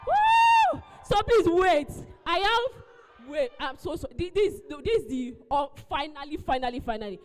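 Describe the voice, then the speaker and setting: A woman's voice: high-pitched, lively intonation, normal speed. A woman hosting a live event, coaxing the crowd and repeating her pleas as she makes announcements. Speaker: event host. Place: large event hall. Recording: long hall reverb.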